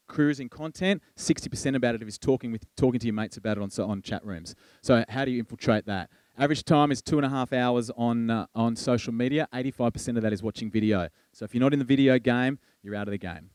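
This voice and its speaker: Man, keynote speaker, relaxed delivery with fillers, resonant voice, dry close mic. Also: mid-range voice, smooth, dry recording. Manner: conversational, with frequent fillers and restarts. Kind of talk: conference presentation.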